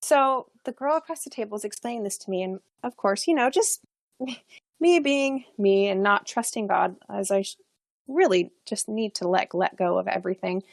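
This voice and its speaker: A woman's voice: mid-range voice, moderate pace, gravelly, no echo. A young adult woman, a podcast guest, telling a personal story in a chatty way, full of fillers and restarts and frequent laughs.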